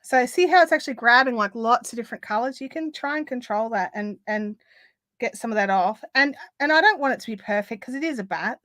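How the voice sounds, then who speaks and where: A high-voiced Australian woman chatting casually as she hosts a live craft stream, laughing often and sounding a little puffed. Her voice is close and dry, with no room sound around it. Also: expressive, brisk, fairly bright tone, dry recording. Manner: chatty, giggly, easily amused. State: out of breath. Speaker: craft livestream host.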